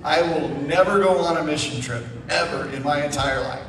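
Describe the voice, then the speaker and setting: A middle-aged man telling his testimony as a guest speaker at church, animated with asides. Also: on the high side, normal speed, a little hiss or hum. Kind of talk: personal testimony. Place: church sanctuary. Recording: echoey room, mic far off.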